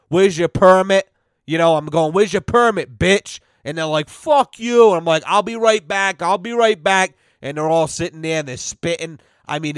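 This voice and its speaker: A young adult man hosting a podcast, telling profane stories in a brash, animated way and acting out the exchanges he quotes. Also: on the high side, clear, resonant tone, dry recording, clean studio sound. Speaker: podcast host. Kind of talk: profane storytelling chat.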